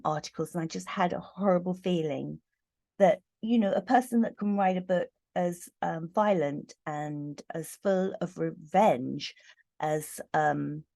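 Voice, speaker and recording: A woman giving an earnest, halting tarot reading to camera, with many fillers and growing emotion. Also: fairly low pitch, gravelly, dark tone. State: getting emotional. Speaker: tarot reader.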